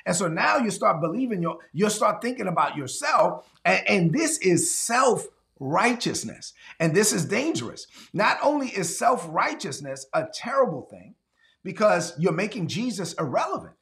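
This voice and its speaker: Man, pastor preaching, animated, acts out voices, very expressive pitch. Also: normal speed, creaky. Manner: animated, acts out quoted voices, repeats words. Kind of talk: sermon.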